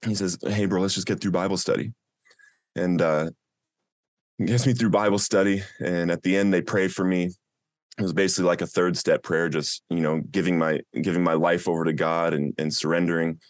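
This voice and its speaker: Low-voiced man sharing an earnest testimony. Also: steady tone, a little fast, dry recording, clean studio sound. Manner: earnest, emotional storytelling. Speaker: speaker sharing a recovery testimony. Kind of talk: personal testimony talk.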